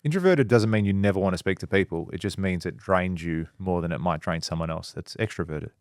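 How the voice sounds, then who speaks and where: A man's voice: sits low, a little fast, no room sound, studio quality. A man co-hosting a podcast, chatting casually and acting out the people in his stories. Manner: storytelling, quotes people in dialogue. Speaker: podcast co-host. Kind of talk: casual chat.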